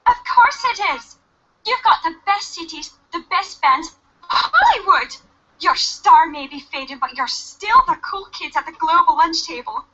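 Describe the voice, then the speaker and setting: A woman's voice: very high-pitched, big pitch swings, unhurried, sharp tone, heavily acted. An actress voicing a chatty, overfamiliar young woman in a video game who is pushy and bubbly. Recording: dull lo-fi game audio.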